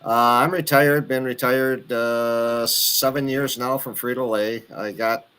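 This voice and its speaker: A man's voice: medium pitch, steady tone, a little slow, a bit bright, clean tone, rough recording. A man in his sixties with a Wisconsin accent, calling in and chatting in an easygoing, plainspoken way. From southern Wisconsin. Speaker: caller. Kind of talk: casual chat.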